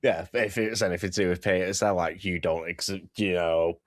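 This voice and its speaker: A young man chatting casually on a podcast, animated, laughing often and swearing freely. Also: sits low, normal speed, a little hiss or hum. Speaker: vtuber guest.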